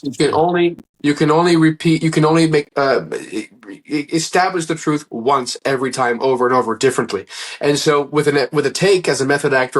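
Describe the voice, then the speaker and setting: A man speaking as a guest in a casual interview, telling stories in an earnest, rambling way and often restarting his sentences. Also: medium pitch. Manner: earnest, rambling, acts out quoted dialogue.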